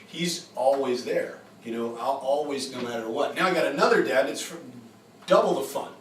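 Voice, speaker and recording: A man's voice: mid-range voice, moderate pace. A man giving an informal lecture to a retreat group, telling stories and checking in with "right?". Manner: animated, chatty, rhetorical "right?". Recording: echoey room, distant mic, faint hiss.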